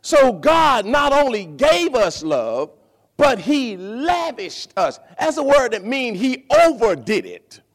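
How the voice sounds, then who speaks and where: A male pastor preaching a sermon, animated, repeating words and calling for responses from the congregation. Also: very high-pitched, slow.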